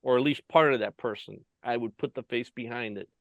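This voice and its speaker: A man with a Chicago accent hosting a casual interview, an animated storyteller who laughs often, over a video call. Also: mid-range voice, fairly quick, no echo. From Chicago, United States. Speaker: host. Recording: dull, dry lo-fi sound.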